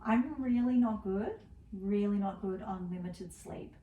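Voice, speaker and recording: A woman's voice: mid-range voice, a little slow, narrow, tinny audio. Chatty woman telling rambling stories. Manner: chatty, rambling storyteller with frequent laughs. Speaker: podcast co-host. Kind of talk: casual chat. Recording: roomy, distant mic with faint background hiss.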